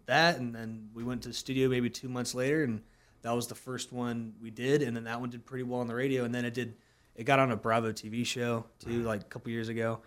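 A man from South Carolina talks quickly through his stories as a guest musician, in a mid-pitched voice. He is animated and acts out the lines of other people as he tells them. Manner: animated, acts out quoted dialogue. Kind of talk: casual interview storytelling.

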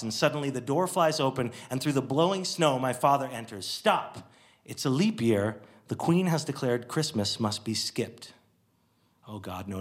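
A man from Canada telling a wry, nostalgic first-person story about his childhood, acting out its moments with lively flair. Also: medium pitch.

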